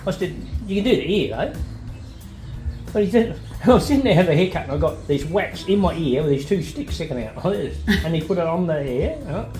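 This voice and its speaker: An older man tells a rambling, funny story over lunch, his voice swinging up and down as he acts out the people in it. He laughs through it in an echoey room. Loud music plays behind him. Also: on the high side, animated, a little fast. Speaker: family member at lunch. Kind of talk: casual storytelling.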